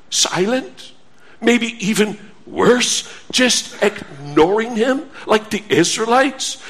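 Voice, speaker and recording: Slow, high-voiced earnest male preacher. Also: bright, forceful tone. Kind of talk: sermon.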